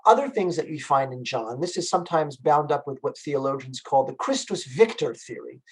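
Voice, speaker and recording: A man giving an online lecture on a choral work, explaining at a measured pace with frequent fillers, heard over a video call. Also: mid-range voice, expressive, breathy edge, low-quality recording. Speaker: music lecturer.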